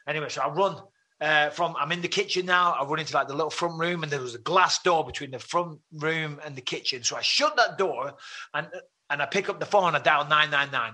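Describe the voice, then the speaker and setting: Man, English accent, bright forceful voice, slightly high, animated storyteller, podcast guest. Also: brisk. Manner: animated, acts out his own quotes with rising voice. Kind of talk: storytelling in casual chat.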